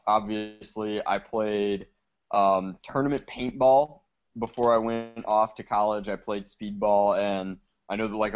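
A man on a podcast, telling his own story in a relaxed, casual way. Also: fairly low pitch. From Georgia, US South. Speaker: podcast co-host. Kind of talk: casual chat. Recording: muffled lo-fi sound.

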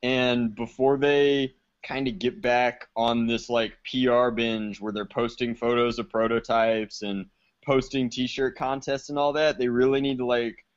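A man's voice: mid-range voice, flat delivery, a little slow. Blunt, opinionated man on a dull recording. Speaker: podcast co-host. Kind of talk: casual chat. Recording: dull lo-fi sound.

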